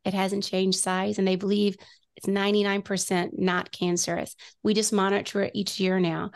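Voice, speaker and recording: Middle-aged woman, gravelly, mid-pitched voice, earnest personal testimony, talk-show guest, restarts sentences. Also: darkish tone. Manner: earnest storytelling with frequent restarts.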